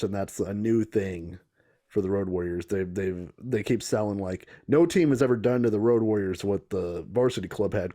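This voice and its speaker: A man's voice: lowish voice, mellow. A man co-hosting a comedy podcast in casual chat, joking and laughing often as he recaps wrestling. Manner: joking, laughs often, uses voices for quotes. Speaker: podcast co-host.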